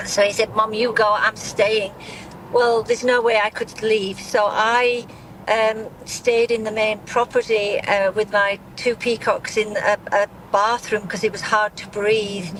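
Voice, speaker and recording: In a live news interview, a middle-aged grieving mother speaks haltingly and shakenly, restarting many times. Her voice is medium-pitched and a bit bright. The recording is rough, with a little hiss or hum.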